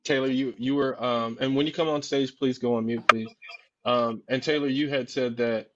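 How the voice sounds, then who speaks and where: A man hosting a live social media discussion, asking probing questions in a calm, reassuring way. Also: mid-range voice, moderate pace, a little hiss or hum. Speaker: host. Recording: dull lo-fi audio.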